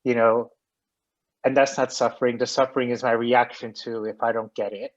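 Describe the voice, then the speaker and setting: A man's voice: medium pitch, level tone, normal speed, dull audio. A man hosting a session, asking questions casually, thinking aloud with hesitant restarts and self-deprecating humor over a video call. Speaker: session host.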